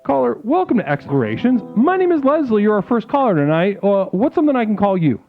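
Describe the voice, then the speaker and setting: A man hosting a comedic call-in show, talking like a calm guru and then breaking into sudden crude outbursts. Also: high voice, quick pace. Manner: mock-serene guru talk, abrupt crude outbursts. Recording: phone-like lo-fi sound with faint music.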